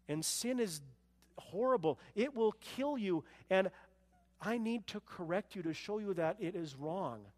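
High-voiced man preaching in a hall. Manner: storytelling, quoting scripture, voices rising for emphasis. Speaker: pastor. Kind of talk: sermon.

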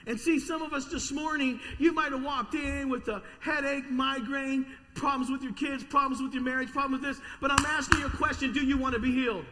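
A man preaching a sermon to a congregation in a church, energetic with call-and-response. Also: very high-pitched, brisk, hardly any pauses, in a large hall, slight background noise. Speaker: pastor. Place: church sanctuary.

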